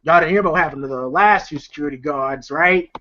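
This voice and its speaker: A man's voice: on the high side, fast, pushed and bright, pitched below the performer's own voice. A man voicing a feisty, bragging old uncle, delivering his lines in loose street slang. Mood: teasing. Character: feisty old uncle who teases and brags. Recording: slightly dull lo-fi audio.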